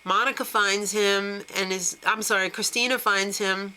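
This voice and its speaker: A woman recapping a reality show in a loose, gossipy way, giggling and throwing in snarky asides. Her voice is bright, and her pitch sits in the middle for a woman. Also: fairly even intonation, normal speed, low-quality recording.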